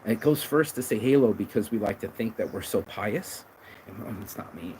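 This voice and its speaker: A man's voice: on the low side, expressive, a little fast, darkish tone, slight background noise, rough recording. A man hosting a casual motivational monologue, blunt and profane, rambling and emphatic, often confessional and hard on himself. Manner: confessional, self-critical. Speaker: podcast host.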